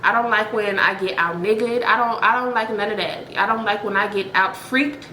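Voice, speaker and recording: A woman's voice: medium pitch, normal speed, pushed and bright, echoey room, a little hiss or hum, poor audio. A young woman vlogger telling a dramatic personal story straight to her viewers, blunt and profane.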